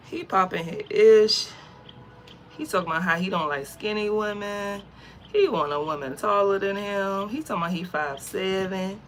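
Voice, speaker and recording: Outdoors with a bit of background noise, a young American woman with a voice on the low side tells a story for her vlog. She's animated and chatty, and her language is slangy.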